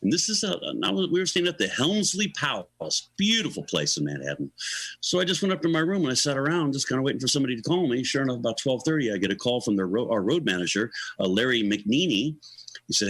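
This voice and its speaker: A man in his sixties, a guest musician, telling a lively story in an interview and acting out the quotes. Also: mid-range voice, fast, husky, poor audio. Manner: animated storyteller, acts out quotes, laughs between lines.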